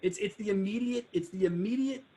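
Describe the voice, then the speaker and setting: A man's voice: high voice, brisk, dark tone, slight background noise. A man hosting a podcast, telling stories animatedly in casual interview chat and swearing freely. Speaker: podcast host.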